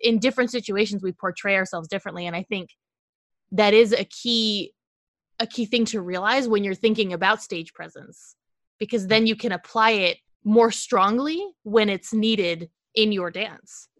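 A woman hosting her own podcast, interviewing a guest over a video call in a relaxed, casual way, often saying "like". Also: medium pitch, normal speed, no room sound, studio quality. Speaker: podcast host.

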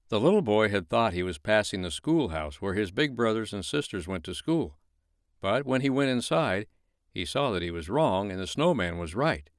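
A man reading a bedtime story aloud, with a gentle, lively storytelling manner. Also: on the low side, normal speed, dry recording, studio quality.

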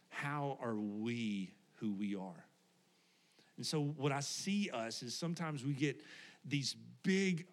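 A man in his thirties preaching a sermon to his congregation, telling family stories in a relaxed, conversational way with frequent laughs. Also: fairly low pitch. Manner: conversational, animated storytelling with laughs. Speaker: pastor. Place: church sanctuary before congregation.

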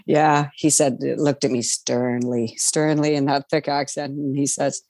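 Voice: medium pitch, moderate pace, few pauses, dry recording. A former cruise ship crew member telling anecdotes in a casual chat, laughing often and acting out the dialogue. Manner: animated storyteller, laughs often, acts out quoted dialogue.

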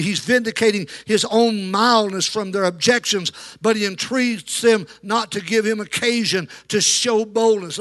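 In a church, a male pastor preaches a sermon and calls out to the congregation for amens as he goes. His voice sits high with a fairly bright tone, and he works the call-and-response with his listeners.

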